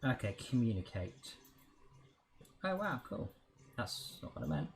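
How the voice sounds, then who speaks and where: A man's voice: fairly low pitch, huge pitch swings, measured pace, a little hiss or hum. A young man, a game developer, chatting casually on a livestream while he works, thinking aloud and often trailing off mid-sentence. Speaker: game developer streaming his work.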